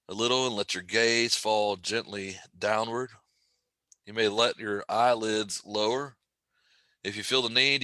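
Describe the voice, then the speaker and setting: A man leading a guided breathing meditation, speaking slowly and gently with casual asides to the listener. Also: lowish voice, no echo. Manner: slow, gentle, calm guidance with casual asides.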